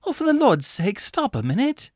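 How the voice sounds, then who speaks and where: A man reading aloud voices a sharp, impatient young woman who works in a shop, speaking briskly and with exasperation. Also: fairly high pitch, big pitch swings, no echo, studio quality, pitched above the performer's own voice.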